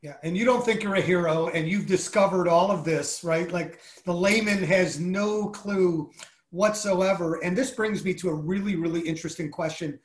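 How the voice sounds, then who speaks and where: Man, interview host, higher voice, enthusiastic, halting with fillers, echoey room. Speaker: podcast host. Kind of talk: conversational interview.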